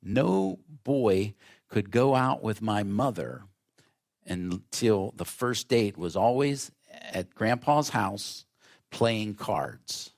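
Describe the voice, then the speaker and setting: A male pastor delivering a sermon, telling family stories in an animated way and acting out the voices. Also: lowish voice, slow, vocal fry.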